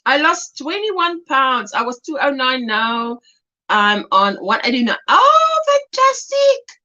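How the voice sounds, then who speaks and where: A woman's voice: high voice, big pitch swings, takes it slowly, sharp tone, lo-fi sound. A woman with a South African accent hosting a casual crochet livestream, chatty and laughing often as she reads the chat aloud from her phone.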